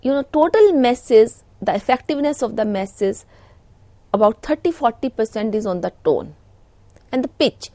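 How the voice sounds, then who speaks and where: A woman's voice: a little high, animated, normal speed, dark tone, dry recording. A middle-aged woman with an Indian English accent giving a recorded lecture, explaining points with frequent "you know" fillers.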